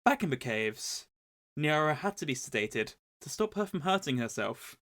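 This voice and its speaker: A man co-hosting a podcast, recapping a book in a wry, deadpan way. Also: a little high, moderate pace. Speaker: podcast co-host.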